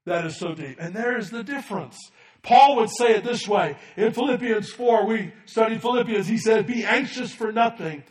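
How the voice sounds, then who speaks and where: A male pastor preaching a sermon, dropping to soft low asides and then rising to shouted emphasis while calling for amens from the congregation. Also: moderate pace, far from the mic. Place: church sanctuary. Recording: echoey room from off the mic.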